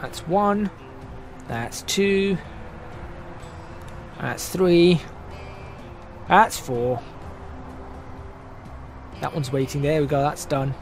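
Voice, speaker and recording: Man, fairly high voice, casual thinking-aloud gameplay commentary, soft music bed. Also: very slow, long pauses. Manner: thinking aloud, musing and self-correcting. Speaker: gaming channel host. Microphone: desk microphone, voice drifting in and out.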